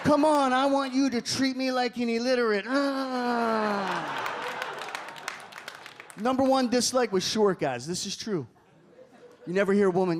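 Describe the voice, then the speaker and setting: A man performing a stand-up comedy set on a club stage, animated and shouting some lines. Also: very high-pitched, measured pace, long pauses. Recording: club crowd laughter and room noise.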